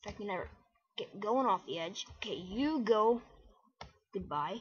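A woman giving let's play commentary on a game, muttering to herself and breaking into excited yelps and exclamations. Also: mid-range voice, moderate pace, husky, no echo, highs cut off. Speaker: gamer.

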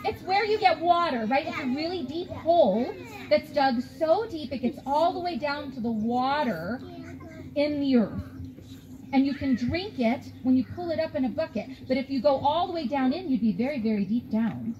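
A woman's voice: high voice, moderate pace, muffled recording, background noise. A woman librarian leading a children's storytime, reading aloud and talking playfully to the kids. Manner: animated, playful, talks to kids.

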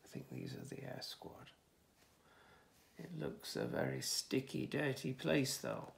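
A man's voice: medium pitch, measured pace, creaky, long pauses, background noise. A man reading a picture book aloud to children, adding playful asides about the pictures. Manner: animated, playful asides to young listeners. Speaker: children's storyteller.

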